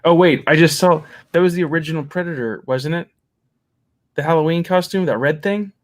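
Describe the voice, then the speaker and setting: A man's voice: on the high side, a little fast. A man making dry, matter-of-fact remarks during a casual online movie watchalong. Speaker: watchalong participant. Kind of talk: casual group chat over a movie.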